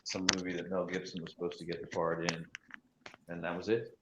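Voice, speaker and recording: Low-voiced Southern man, profane and rambling. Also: completely flat delivery, fairly quick. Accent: American Southern. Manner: swears freely, rambling with restarts; busy with a hands-on task while talking. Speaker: podcast co-host. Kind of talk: casual profane chat. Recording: dull lo-fi sound with faint noise.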